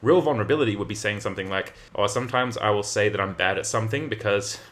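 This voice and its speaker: A young adult man, giving energetic, emphatic communication advice straight to camera. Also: lowish voice, quick pace. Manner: energetic, emphatic, plays out example phrases. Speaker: communication coach. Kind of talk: direct-to-camera advice talk.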